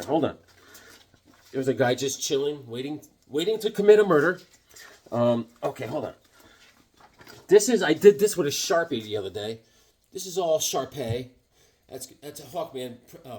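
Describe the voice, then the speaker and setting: A man chatting casually as a comic book vlogger, joking and rambling with sudden loud bursts while he shows off his sketches. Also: on the high side. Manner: excitable, jokey, rambling, with sudden loud outbursts. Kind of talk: casual chat showing sketches.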